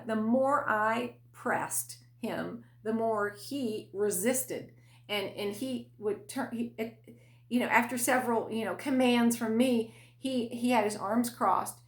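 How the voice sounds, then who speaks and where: A middle-aged woman hosting a podcast, telling a personal parenting story in a casual, chatty way with fillers and soft laughs. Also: mid-range voice, a little slow. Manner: conversational, many fillers, laughs between phrases. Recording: echoey room.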